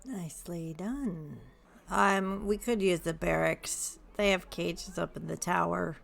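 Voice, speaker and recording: A woman doing Griselda, a brisk stern town leader. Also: lowish voice, vocal fry, fairly bright tone, full character voice.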